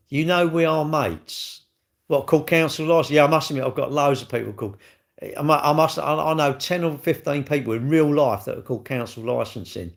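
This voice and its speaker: A man's voice: mid-range voice, gravelly. A middle-aged man hosting a casual livestream, cheekily bantering and reading viewer comments aloud before answering them. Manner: cheeky, blunt and jokey. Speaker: livestream host.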